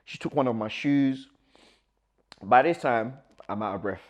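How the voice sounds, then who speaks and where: A young man telling a personal story as a guest, animated and acting out the dialogue, with nervous laughs. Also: mid-range voice, measured pace, slight background noise.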